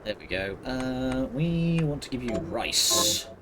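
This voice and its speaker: A man's voice: medium pitch, sing-song, slow pace. A man giving casual, sardonic commentary while streaming a game. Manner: dry, sardonic, wandering. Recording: voice over loud game music.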